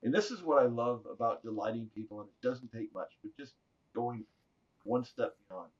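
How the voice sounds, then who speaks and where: A middle-aged man, a podcast guest, telling animated stories in a jokey way and acting out the voices of people he quotes. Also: medium pitch, normal speed, breathy edge. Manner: jokey, acts out quoted voices, laughs often. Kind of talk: animated storytelling. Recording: slightly dull lo-fi audio.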